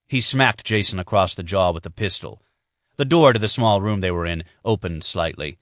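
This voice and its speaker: A male narrator reading a thriller audiobook in a measured, even way. His voice sits low, and the recording is close and dry with no room sound. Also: no echo. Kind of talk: scripted narration.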